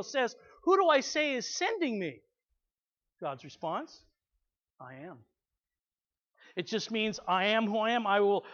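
A man's voice: very high-pitched, a bit bright. A man preaching a sermon, reading scripture aloud with emphatic asides to the congregation. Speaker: pastor. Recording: slightly dull lo-fi recording.

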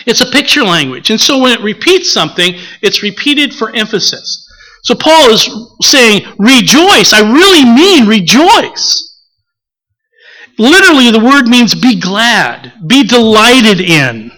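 Lively, bright-voiced older male preacher. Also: extremely high pitch, unhurried, rough recording. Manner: animated storytelling preacher, acts out quotes. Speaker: pastor. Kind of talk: sermon.

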